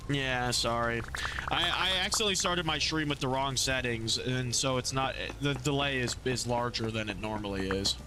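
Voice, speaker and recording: A man's voice: medium pitch, moderate pace, background noise. A young man streaming a game, chatting casually with his viewers, answering chat and often trailing off mid-sentence. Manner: animated, reads out and answers chat, trails off and restarts. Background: music.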